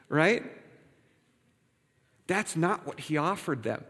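Male pastor, slightly high voice, relaxed and joking, preaching in a church with a long echo. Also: normal speed. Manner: conversational, playful asides to congregation. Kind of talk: sermon. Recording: reverberant hall.

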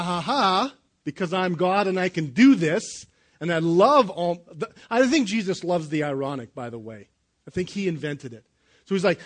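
Man, pastor, sermon, high-pitched voice, animated storytelling, church. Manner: animated storytelling, acting out biblical characters with casual modern slang. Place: church sanctuary.

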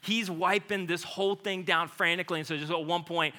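A man in his thirties preaching a sermon, swinging between loud urgent stretches and hushed low passages. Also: steady tone, brisk. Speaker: pastor.

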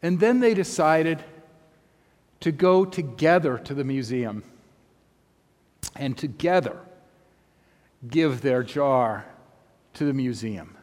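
A man preaching, telling a story in a measured, unhurried way with long pauses between phrases. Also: mid-range voice, animated, a little mellow. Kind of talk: sermon storytelling. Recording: long reverb of a large hall.

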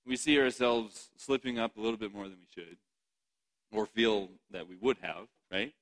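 Man, preacher, lowish pitch, bright forceful tone, chatty sermon delivery with laughs. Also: fairly even intonation, normal speed, rough recording. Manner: chatty, laughs often, asks the audience "right?".

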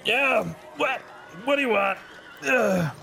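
Man voicing a hungover tavern brawler woman, gruff and groggy, raised pitch. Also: moderate pace, faint music behind.

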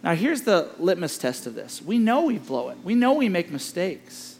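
A man preaching a sermon as a pastor, telling a story with lively character voices. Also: normal speed, creaky. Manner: animated storytelling, voices characters in high pitch. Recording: reverberant hall.

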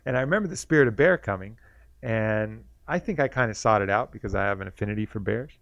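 A man's voice: fairly low pitch, expressive, a little fast, vocal fry, fairly bright tone, dry recording, lo-fi sound. A man hosting a solo podcast, telling a personal story in a reflective, laid-back way. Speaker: podcast host.

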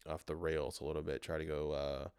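A man hosting a solo podcast, rambling in a frustrated, swearing, low-energy way while talking into a portable recorder. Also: level tone, fairly quick, a little mellow, clean tone, no echo, clean studio sound. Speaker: podcast host. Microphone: handheld portable recorder.

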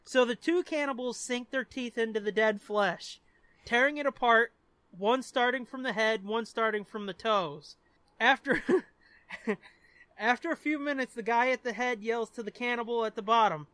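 A man's voice: very high-pitched, normal speed, sharp tone, dry recording. A man co-hosting a podcast in casual chat, swearing freely, laughing often and telling jokes. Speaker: podcast co-host.

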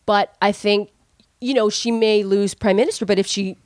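A woman's voice: mid-range voice, fairly even intonation, normal speed, darkish tone, dry recording, studio quality. A woman hosting a casual chat, talkative and full of questions. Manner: chatty, asks lots of questions.

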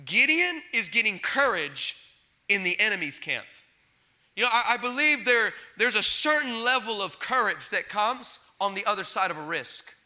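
A man delivers a sermon with a raised, very bright and cutting tone. He swings from loud declarations to hushed asides, acting out quotes and stumbling into quick restarts as he tells his story. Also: sits high, lively intonation. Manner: impassioned preaching that swings between loud and hushed. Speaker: pastor.

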